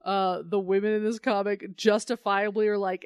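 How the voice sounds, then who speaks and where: A woman co-hosting a casual podcast, sarcastic and quick to laugh. She slips into the characters' voices as she mocks the comic. Her voice sits at a middle pitch and sounds dry and close. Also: clear, resonant tone, dry recording. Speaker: podcast co-host. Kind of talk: casual comic-book discussion.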